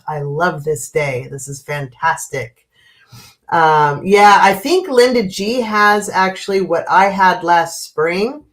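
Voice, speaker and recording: Slow-talking congested woman in her fifties. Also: fairly low pitch. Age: 50s. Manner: chatty, laughs often, greets viewers by name. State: stuffy, congested nose. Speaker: livestream host. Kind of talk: casual live-stream chat.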